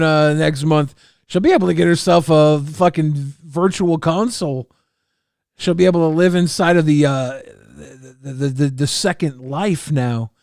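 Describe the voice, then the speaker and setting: A man with a slightly raised voice hosting a livestream, dry and close to the mic. He reads out donations in a wry, halting way with repeated words. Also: on the high side, dry recording. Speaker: livestream host. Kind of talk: livestream talk show.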